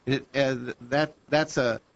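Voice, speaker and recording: A man's voice: medium pitch, steady tone, slow, creaky, dull audio. A man hosting a radio talk show who argues with his guest, stammering and insistent. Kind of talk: debating a guest.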